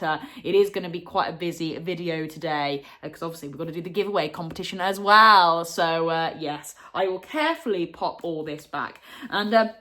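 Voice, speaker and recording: A young adult woman hosting a retro gaming vlog, talking to viewers in a heartfelt, chatty way, full of fillers and quick laughs. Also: low voice, a bit bright. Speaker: retro gaming channel host. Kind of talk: casual vlog chat to viewers.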